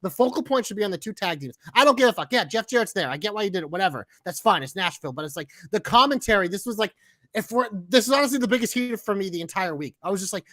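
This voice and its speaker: A man's voice: high voice, lively intonation, racing, a bit bright, no room sound. A man co-hosting a wrestling podcast, talking casually and ranting heatedly with lots of swearing. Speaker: podcast co-host.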